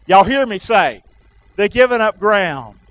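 A man's voice: high voice, lively intonation, a little slow, fairly bright tone, no echo, muffled recording. A man preaching an Easter sermon, urging the congregation to repeat after him. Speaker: pastor.

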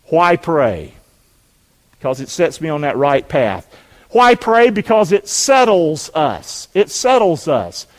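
A man preaching a sermon in a church, calling for amens and rising to shouts. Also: fairly high pitch, big pitch swings, slow pace. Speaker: pastor. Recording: long hall reverb.

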